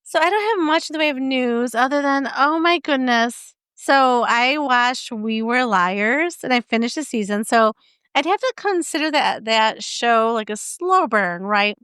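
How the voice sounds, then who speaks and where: A woman co-hosting a podcast, chatting casually and telling lively stories. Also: high voice, unhurried, clear, resonant tone, dry recording, studio quality. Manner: chatty, animated storytelling with laughs. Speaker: podcast co-host. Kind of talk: casual chat.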